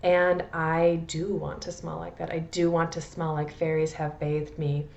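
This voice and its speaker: Heard on a lo-fi recording, her deep, gravelly voice has a darkish tone and little pitch movement, and she takes her time. She's an American perfume vlogger from the Midwest with a Midwestern accent, rambling casually through her reviews. She comes across as chatty and self-deprecating, restarting often.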